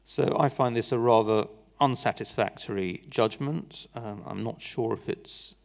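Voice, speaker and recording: A man's voice: mid-range voice, measured pace, vocal fry. A man giving a legal seminar talk, critical and dry, with frequent restarts. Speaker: barrister giving a lecture.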